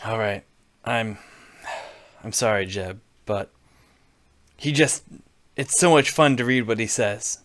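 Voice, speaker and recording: A man's voice: lowish voice, slow pace, long pauses, a bit bright. A young man playing a dating game and reading its text aloud with wry, dramatic delivery. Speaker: let's play host.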